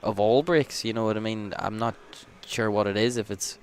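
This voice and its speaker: A man's voice: on the low side, moderate pace, noisy background. An Irish man giving casual live pool commentary with teasing, wry banter.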